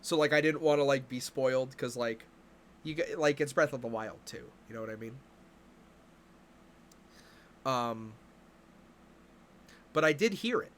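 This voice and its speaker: A man's voice: medium pitch, a little slow, long pauses, a little hiss or hum. A man streaming, ranting about video games in a profane, exasperated way.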